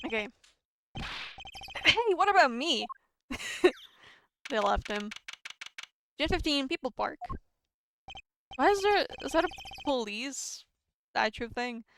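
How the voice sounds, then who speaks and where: A woman's voice: sits high, lively intonation, slow, gravelly, long pauses, a little hiss or hum. A woman whose first language is Estonian or Russian, streaming a visual novel, reading dialogue aloud and stumbling, self-deprecating, over words.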